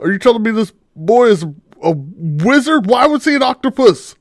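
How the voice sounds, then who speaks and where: Game master doing a high, shouting, panicked male fighter. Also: sing-song, normal speed, no room sound, studio quality. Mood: bewildered. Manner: shouting, frantic questions. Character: panicky male warrior, startled and loud. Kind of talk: tabletop game role-play.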